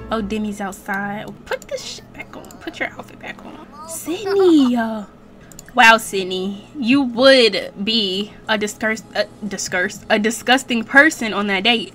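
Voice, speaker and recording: Young woman gamer with a slightly high voice, casual slangy commentary, playful, soft music behind. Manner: chatty and playful, laughs often, reads in-game text aloud. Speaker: let's play gamer.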